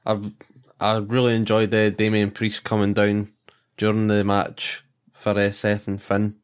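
A man co-hosting a casual podcast, mostly giving short reactions and asking quick questions. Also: lowish voice, completely flat delivery, clear, resonant tone. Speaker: podcast co-host. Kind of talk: casual chat.

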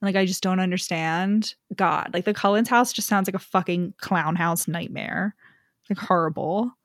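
A woman's voice: fairly low pitch, moderate pace, dry recording, studio quality. A woman co-hosting a podcast book recap, chatting casually, swearing freely and saying "like" a lot. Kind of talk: casual chat.

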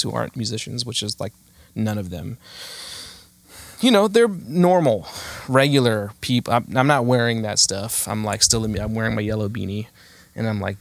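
Gravelly rambling man in his thirties. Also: lowish voice, a bit bright, dry recording. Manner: rambling, self-mocking, many fillers. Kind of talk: casual chat.

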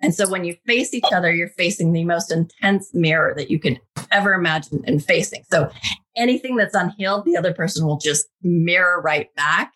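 A woman in her thirties, a guest telling a personal spiritual story in an animated, casual way. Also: fairly low pitch, fairly quick.

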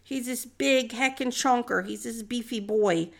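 A woman's voice: fairly high pitch, unhurried, gravelly. A woman retelling a story in a chatty, jokey, slangy way.

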